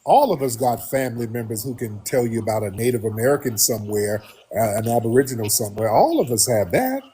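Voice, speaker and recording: Husky, lively radio host man. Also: quick pace. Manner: preachy, mocking, acts out quoted voices in a high pitch. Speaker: radio show host taking callers. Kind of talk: animated call-in talk.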